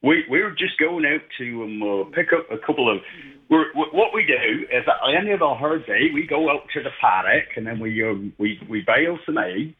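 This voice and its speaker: A man's voice: mid-range voice, lively intonation, normal speed, pitched above the performer's own voice, close to an everyday voice. A man voicing a cider-drinking West Country farmer in a mock Bristol accent, over a phone line. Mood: jokey. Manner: jokey, rambling.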